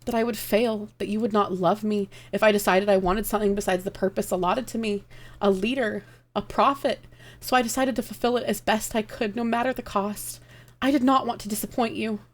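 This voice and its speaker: A woman's voice: mid-range voice, steady tone, a little fast, lightly acted. A woman voicing a desperate grieving witch. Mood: remorseful. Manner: pleading, urgent, raised voice.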